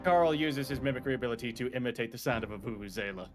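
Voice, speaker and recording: A man playing a tabletop game, casually narrating his character with halting speech. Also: medium pitch, music in the background. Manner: halting, with many fillers.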